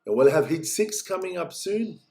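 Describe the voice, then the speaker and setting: A fairly high-voiced man hosts a live watch-along stream, calling snowboard races in a loose, jokey way. He chats casually between heats and gets excitable once a race is under way. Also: moderate pace, vocal fry. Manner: chatty, joking, excitable during races.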